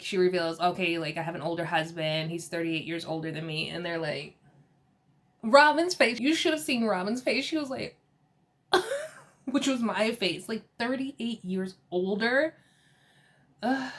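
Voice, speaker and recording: A woman hosting a casual reality TV episode recap, chatty and sassy, laughing often and quoting the cast in animated asides. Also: lowish voice.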